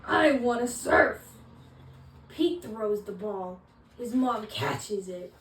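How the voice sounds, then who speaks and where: A woman's voice: mid-range voice, lively intonation, slow pace. A woman reading a children's picture book aloud in different practice voices, hesitant and self-conscious. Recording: echoey room with faint ambient noise.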